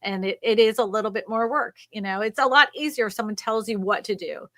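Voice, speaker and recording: A woman co-hosting a live stream, coaching real estate agents on YouTube in an energetic, encouraging way. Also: medium pitch, fast, no echo. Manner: energetic, encouraging, laughs often.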